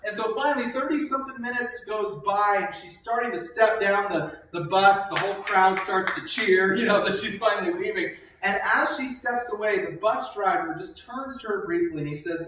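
A pastor preaching a sermon in a church, telling stories and asking the congregation questions. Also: male voice, sits high, moderate pace, hardly any pauses, a little hiss or hum. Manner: animated storytelling with questions to the congregation. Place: church sanctuary. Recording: echoey hall, voice from a distance.

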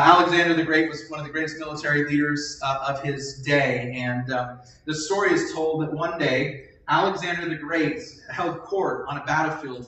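Pastor, male, slightly high voice, preaching with call-and-response questions. Heard from a distance in a very echoey church. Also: sharp tone. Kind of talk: sermon. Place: church sanctuary during a service.

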